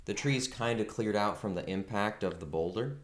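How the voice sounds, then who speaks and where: Game master: low-pitched man, laid-back narration, roomy room with faint hiss. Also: normal speed. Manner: laid-back, swears casually.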